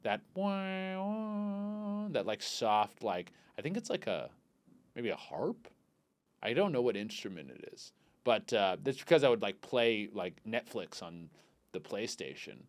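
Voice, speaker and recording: A young man hosting a comedy podcast, telling crude rambling stories and swinging between loud bursts and mutters. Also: on the low side, big pitch swings, moderate pace. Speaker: podcast host. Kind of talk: casual comedic storytelling.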